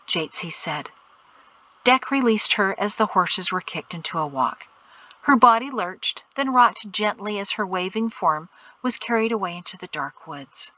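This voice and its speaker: A woman reading an audiobook in measured, clear storytelling. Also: medium pitch, lively intonation, sharp tone, low-quality recording. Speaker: audiobook narrator. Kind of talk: scripted audiobook narration.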